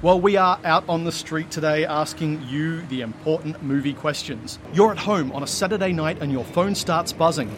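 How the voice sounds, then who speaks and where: A man co-hosts a comedy podcast, his voice pitched a little high. He tells stories in a dry, rambling way. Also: moderate pace, hardly any pauses, noisy background. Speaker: podcast co-host. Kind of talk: comedic scripted chat.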